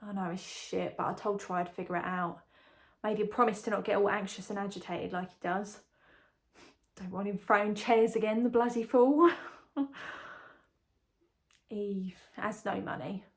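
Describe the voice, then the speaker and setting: A woman's voice: mid-range voice, fairly even intonation, moderate pace, pauses often, natural voice. A young woman performs a dramatic monologue as a chatty, confiding young woman engaged to a condemned prisoner. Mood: breezy. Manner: confiding, gossipy, breezy. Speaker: lead character in a monologue.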